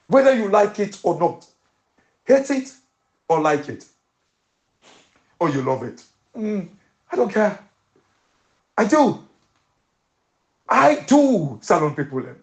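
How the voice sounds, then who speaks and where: A man with a Sierra Leonean Krio accent hosting a commentary show, mixing pidgin and English and rallying listeners with repeated calls to action. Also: a little high. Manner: rallying, repetitive exhortations. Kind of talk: impassioned economic commentary.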